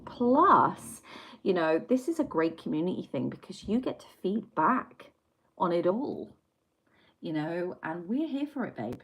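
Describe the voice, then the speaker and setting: A woman's voice: fairly low pitch, low-quality recording. A woman hosting a casual livestream, reading chat and rambling through stories with plenty of swearing. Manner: chatty and rambling, swears freely, tangents.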